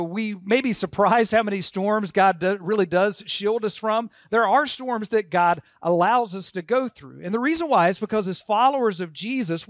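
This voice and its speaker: A man's voice: high-pitched, no echo, studio quality. A man preaching a sermon as pastor, earnest and leading the congregation to repeat words aloud. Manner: earnest, leads congregation in call-and-response.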